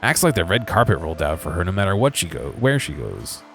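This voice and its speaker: A man's voice: deep voice, very animated, quick pace, vocal fry, music in the background, heavily acted. A man voicing a sour, spiteful old female trader in a video game, reading her lines in his own plain voice.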